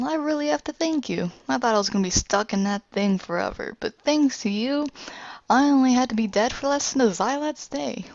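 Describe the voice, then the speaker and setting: A gloating male villain, freshly back from the dead, drawls his lines slowly with smug mockery, as a woman puts him on. The voice rides high and gravelly, and the recording sounds dull and lo-fi. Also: no echo. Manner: slow, smug and mocking.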